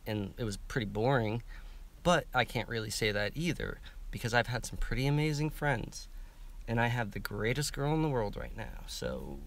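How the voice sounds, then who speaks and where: A man in his thirties talking casually on a livestream, halting and repeating himself, swearing often. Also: on the low side, creaky, fairly bright tone. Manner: halting, many restarts and swearing. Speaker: livestream participant. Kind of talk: emotional casual livestream talk. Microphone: webcam or phone camera.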